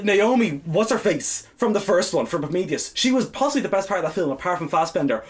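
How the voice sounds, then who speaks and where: A man's voice: high voice, very animated, brisk. A man co-hosting a podcast, ranting in heated, exasperated bursts and swearing freely. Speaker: podcast co-host. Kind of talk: ranting casual chat.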